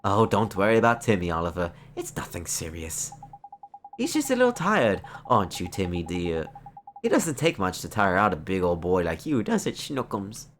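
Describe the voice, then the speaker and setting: A woman's voice: a bass voice, brisk, few pauses, soft background music. A woman voicing a doting older woman in a game, cooing and fussing over her pet.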